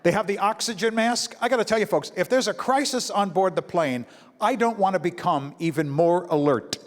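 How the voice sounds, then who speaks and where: Brooklyn comedian telling stories in a big hall. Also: male voice, high-pitched, a little fast. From Brooklyn, New York. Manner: animated storytelling with acted-out voices. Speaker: comedian and motivational speaker. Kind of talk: stand-up comedy talk to an audience. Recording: live hall with long reverb, faint ambience.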